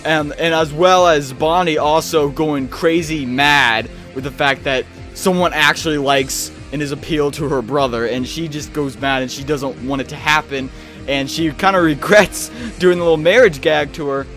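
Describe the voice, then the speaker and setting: A man giving a rambling, excitable casual review of a cartoon episode, often restarting his sentences. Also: on the high side, normal speed, soft background music.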